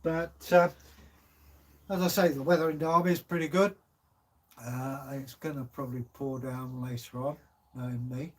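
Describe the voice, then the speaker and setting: A man's voice: medium pitch, steady tone, moderate pace, pauses often. An older man from Kent with a southern English accent, chatting casually on a livestream as channel host, rambling with many hesitations. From Kent, England.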